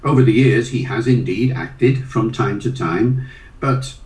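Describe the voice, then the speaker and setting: A man's voice: medium pitch, measured pace, a little mellow. An older man speaks as an interview guest, easing into anecdotes with many small hesitations and fillers. His voice carries a roomy echo. He sounds set back from the microphone. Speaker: guest, linguist. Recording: roomy sound from a distant mic.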